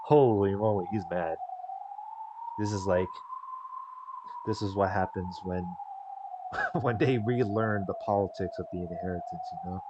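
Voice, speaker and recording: A man's voice: on the low side, muffled recording, background noise. A man streaming a visual novel, rambling and swearing through his reactions and reading the text aloud. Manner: rambling, profane, laughing reactions. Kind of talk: let's-play commentary. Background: game music.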